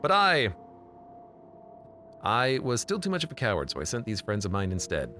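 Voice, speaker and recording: A man's voice: lowish voice, huge pitch swings, moderate pace, bright, forceful tone, a little hiss or hum, heavily acted. A man reading as a nervous slug alien. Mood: sheepish. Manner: hesitant and apologetic.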